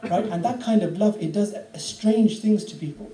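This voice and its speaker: A man with a high voice speaking at normal speed delivers a passionate religious lecture in an Islamic centre hall, telling stories and crying out quoted prayers, his delivery rising to loud cries on the quotes. The recording picks him up from a distance in an echoey hall with faint ambience.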